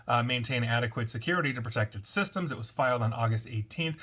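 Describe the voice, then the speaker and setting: Bright, husky-voiced man reading news. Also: medium pitch. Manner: brisk, wry asides between items. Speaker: cybersecurity news host. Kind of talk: weekly news roundup commentary.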